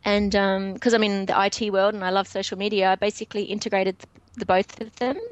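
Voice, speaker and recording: A woman's voice: mid-range voice, little pitch movement, quick pace, dry recording, lo-fi sound. Chatty Australian woman, dry sound. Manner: chatty, laughs often. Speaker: guest. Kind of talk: casual podcast chat.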